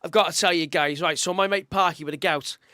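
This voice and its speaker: A man's voice: high voice, steady tone, fast, sharp tone, no echo, clean studio sound. A young man, co-hosting a casual live-stream chat, chatty and emotional and calling everyone mate. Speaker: co-host, youth football coach.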